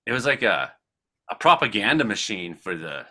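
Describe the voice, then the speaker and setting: A man from Canada, hosting a casual talk show, telling a rambling, profane story with frequent laughs and acted-out shouted quotes. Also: fairly low pitch, big pitch swings, moderate pace. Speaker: podcast host.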